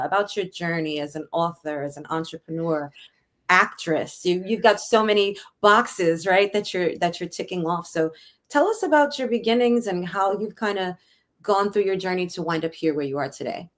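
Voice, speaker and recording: Playful woman hosting an interview. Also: lowish voice. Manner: playful, enthusiastic. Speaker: radio show host. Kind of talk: casual interview chat.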